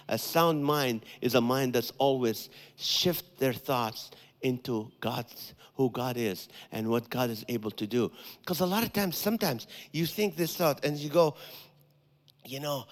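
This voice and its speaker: A man's voice: medium pitch, unhurried, big-room sound. A man, a comedian giving a guest sermon, talking animatedly, acting out people's thoughts and repeating phrases for emphasis. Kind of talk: sermon with comic asides.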